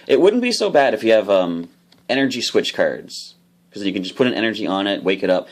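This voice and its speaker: A man with a fairly low voice hosts a casual card unboxing. His pitch swings widely as he talks, and he explains each card's rules with bursts of enthusiasm.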